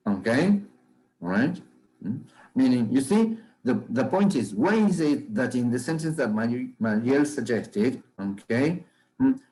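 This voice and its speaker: Slow, dark-voiced male grammar teacher. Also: mid-range voice, poor audio. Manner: measured, often checks understanding with "okay?" and "right?". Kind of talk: grammar lecture to a class.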